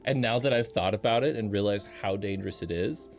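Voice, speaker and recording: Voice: deep voice, a little fast, faint music behind. A co-host chatting casually on a stream, hesitant and restarting often. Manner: hesitant, restarts a lot, animated. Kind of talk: casual chat.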